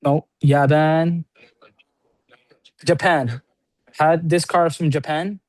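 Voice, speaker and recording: A man teaching an Arabic lesson to a class, explaining quickly and often checking in with "right?". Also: on the high side, steady tone. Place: classroom with students on-site and online.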